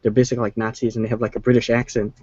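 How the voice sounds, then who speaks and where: A man's voice: mid-range voice, level tone, racing, mellow, breathy edge, dry recording, highs cut off. Rambling man chatting about movies. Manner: rambling, hesitant with restarts. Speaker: co-host. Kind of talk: casual movie chat.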